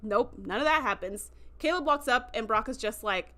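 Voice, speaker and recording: A woman's voice: fairly high pitch, animated, moderate pace, bright, forceful tone. A woman hosting a livestream, chatting casually through an episode recap with lots of fillers and acted-out quotes. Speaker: show host.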